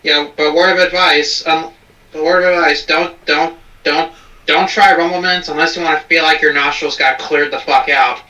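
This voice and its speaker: Crude, sharp-voiced man chatting. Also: a little high, steady tone, normal speed, far from the mic, muffled recording. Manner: crude, profane, rambling restarts. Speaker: host. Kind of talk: casual reaction chat. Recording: roomy, from off the mic.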